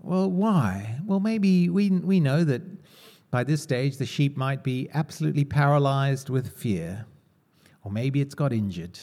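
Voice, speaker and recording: A man's voice: mid-range voice, unhurried, dark tone. A man preaching a sermon in a conversational way, asking the congregation questions.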